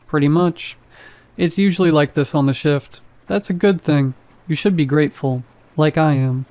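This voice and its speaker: A man voicing an apathetic male night security guard who speaks in a flat, bored monotone. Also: a little high, normal speed, dry recording, natural voice. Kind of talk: horror story narration.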